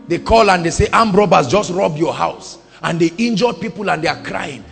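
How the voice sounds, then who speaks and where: A man with a Nigerian accent preaching a sermon, moving between quiet talk and loud shouted declarations. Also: expressive, moderate pace, creaky, long reverb tail, faint music behind. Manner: booming, swings from quiet to shouting.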